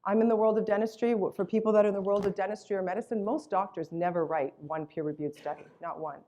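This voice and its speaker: A woman's voice: medium pitch, fairly even intonation, quick pace, mellow. A woman giving an enthusiastic, emphatic sales presentation about her company's products. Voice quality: acts out voices when retelling a story.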